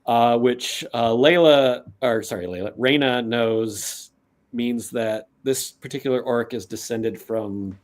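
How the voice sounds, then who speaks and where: A man narrating a tabletop game as game master, unhurried and rambling with many fillers. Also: mid-range voice.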